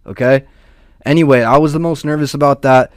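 A man's voice: mid-range voice, steady tone, brisk, smooth, no room sound. Profane rambling young guy, dry sound. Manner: loose and profane, lots of "dude" and "man". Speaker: podcast host. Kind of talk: casual rambling monologue.

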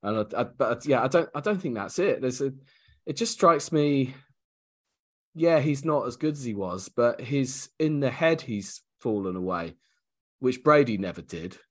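A man's voice: mid-range voice, expressive, moderate pace. A man co-hosting a casual sports podcast, talking through the game analytically with hesitant restarts and easy laughs. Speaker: podcast co-host.

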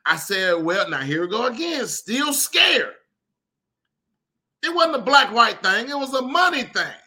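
A man tells his story in a loose, chatty monologue and keeps turning to his listeners as he goes. His voice sits high and sounds very bright. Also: unhurried. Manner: animated, chatty, talks to listeners directly. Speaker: podcast host and leather craftsman.

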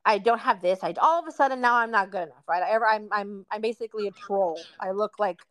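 A woman's voice: mid-range voice, a little fast, fairly bright tone. A woman hosting a podcast, telling a personal story in a casual, candid chat. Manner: candid storytelling, calls guest "girl". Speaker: podcast host.

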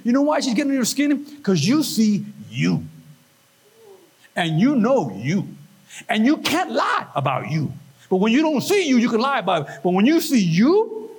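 A man preaching a sermon, animated, with call-and-response and questions to the congregation. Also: very high-pitched, normal speed, slightly rough. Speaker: pastor.

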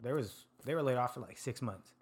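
A young man from Sacramento, a podcast guest casually telling stories about his life, laid-back and quick to laugh and swear. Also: medium pitch, expressive. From Sacramento, California. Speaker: podcast guest, food truck owner. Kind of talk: casual storytelling chat.

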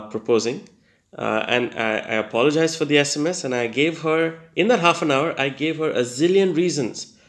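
A young man with a gravelly, creaky edge to his voice tells his personal story in an earnest, halting way. He stumbles through fillers and restarts and laughs at himself now and then. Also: medium pitch. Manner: hesitant, many fillers and restarts. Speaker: testimony speaker. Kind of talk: personal testimony.

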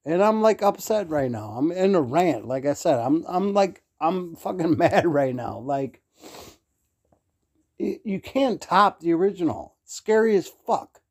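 A man's voice: on the high side, expressive, a little slow, darkish tone. A man hosting his own podcast, ranting alone with heavy swearing and many fillers. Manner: angry, swearing, rambling with fillers. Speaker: podcast host. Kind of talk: solo profanity-laden rant.

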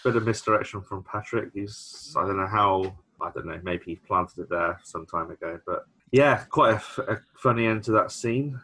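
A man's voice: fairly low pitch, normal speed, few pauses, bright, forceful tone. A British man co-hosting a podcast, chatting casually about a sitcom and thinking aloud with restarts and fillers. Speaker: podcast co-host. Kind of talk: casual chat recapping a sitcom episode.

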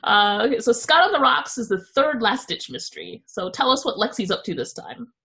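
An American woman hosting a book podcast, friendly and quick to laugh, with intros and questions. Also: fairly high pitch, animated, gravelly, sharp tone. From near Washington D.C., United States. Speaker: podcast host.

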